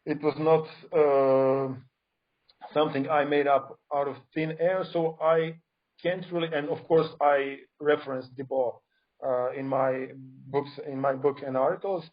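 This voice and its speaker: A man's voice: on the high side, steady tone, measured pace, muffled recording. A man giving an academic conference talk, criticizing another scholar's claims in an emphatic, argumentative way over a remote video call. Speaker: conference speaker.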